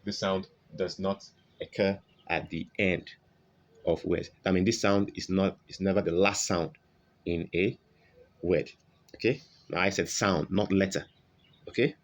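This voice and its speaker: A man's voice: deep voice, fairly even intonation. A man teaching English pronunciation in an online lesson, modelling vowel sounds and repeating examples, often checking in with "okay?". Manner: slow, repetitive, modelling sounds, frequent "okay?" check-ins.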